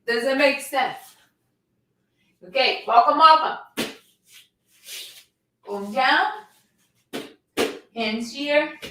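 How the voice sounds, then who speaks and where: A woman with a high voice speaks very slowly, with long pauses and a slightly bright tone over a faint hiss or hum. She's a fitness coach running a live workout class, energetically coaxing viewers as she demonstrates a plank, her body shaking from holding it. The room is very echoey and she's far from the mic.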